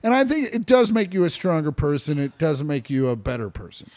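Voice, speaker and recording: A young man chats casually as a podcast co-host, rambling through stories with fillers, restarts and plenty of swearing. His voice sits a little on the high side for a man. He talks from a living room. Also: big pitch swings, fairly quick, a little mellow.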